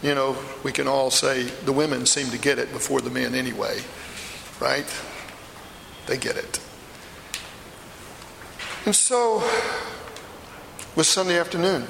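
Guy acting as a grieving old-time disciple telling it first person, gravelly forceful voice, big echoey hall. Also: medium pitch, takes it slowly, long pauses, slight background noise. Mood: earnest. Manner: intense storytelling, swells to anguished outbursts. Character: remorseful apostle, a middle-aged fisherman telling his story. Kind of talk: first-person dramatic monologue. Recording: echoey hall, long reverb.

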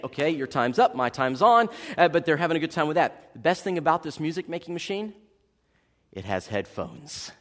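Male preacher, high-voiced, folksy and humorous, with a long hall echo. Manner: conversational, humorous preaching with asides to the congregation. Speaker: pastor. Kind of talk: sermon. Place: church sanctuary.

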